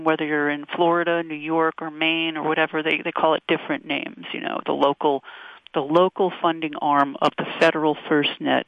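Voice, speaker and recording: Gravelly woman on a tinny phone line. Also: sits low, no echo. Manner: halting, many restarts and fillers. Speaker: activist guest. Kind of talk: phone-in radio interview.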